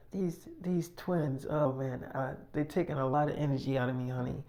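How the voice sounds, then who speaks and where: A man voicing a tired, pregnant young wife in a hushed, breathy voice, in freestyle role-play storytelling. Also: on the high side, steady tone, measured pace. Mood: tired soft.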